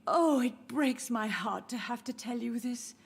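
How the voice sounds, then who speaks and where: A woman's voice: on the high side, unhurried, vocal fry, slightly rough, full character voice. An actress voicing a frail elderly mother in a video game, grieving and confused, speaking in a wistful, drifting way. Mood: insistent. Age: older. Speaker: game character. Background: soft game music.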